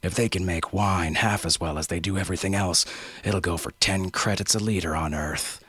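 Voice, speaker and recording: A man's voice: low-pitched, steady tone, moderate pace, a bit bright, slightly rough, no echo. Blunt demanding spaceman, man reading, dry sound. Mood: argumentative. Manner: argumentative, demanding.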